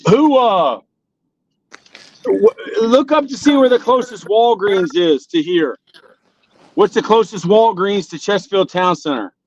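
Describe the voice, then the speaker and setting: A man's voice: high voice, lively intonation, measured pace. A man hosting a live stream, talking in an upbeat, chatty way. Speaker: stream host. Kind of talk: casual live-stream chat. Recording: dull, slightly noisy audio.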